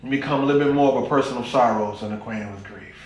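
A man's voice: medium pitch, fast, very echoey, a little hiss or hum. A man preaching a sermon as pastor, folksy and humorous, with rising exclamations.

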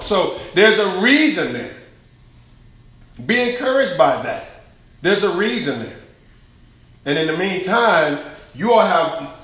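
A man's voice: sits high, a bit bright. Echoey preaching man, emphatic and colloquial. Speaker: pastor. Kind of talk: sermon. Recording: very echoey hall, faint noise.

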